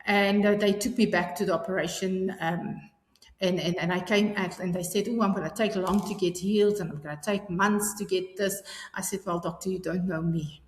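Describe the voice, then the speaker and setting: A woman's voice: on the low side, steady tone, moderate pace. A woman in her fifties speaks earnestly as an interview guest. She often stumbles and restarts mid-sentence. Her voice rings with long reverb in an echoey room. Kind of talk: personal interview.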